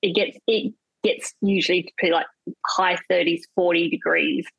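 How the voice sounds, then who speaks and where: A woman's voice: fairly low pitch, steady tone, normal speed, gravelly, a bit bright, breathy edge, dry recording, muffled recording. Rambling Australian woman on a dry line. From South Australia. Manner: rambling, restarts thoughts, laughs easily. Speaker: guest. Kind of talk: casual chat.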